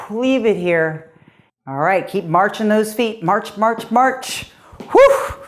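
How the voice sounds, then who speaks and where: A middle-aged woman coaches a cardio workout, counting down moves and cheering the listener on. Her voice stays upbeat and motivational, with a slight breathlessness from exercising. She sits at a middle pitch for a woman. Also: lively intonation, slow. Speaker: fitness coach. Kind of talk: guided workout instruction.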